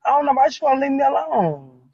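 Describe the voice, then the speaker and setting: A man's voice: extremely high pitch, very animated, fast talker, gravelly, no room sound, lo-fi sound. A man hosting a casual livestream chat, complaining over and over in an exasperated way and laughing often. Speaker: livestream host.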